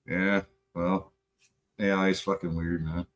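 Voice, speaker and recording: Swearing, animated man ranting casually. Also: deep voice, unhurried, rough recording. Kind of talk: casual late-night chat.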